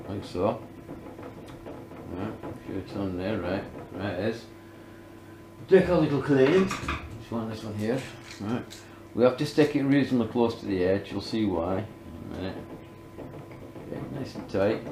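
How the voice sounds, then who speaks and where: A man's voice: fairly low pitch, unhurried, pauses often, echoey room, noisy background. A man filming a casual woodworking demonstration, talking himself through each step and often muttering under his breath. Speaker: DIY woodworking vlogger.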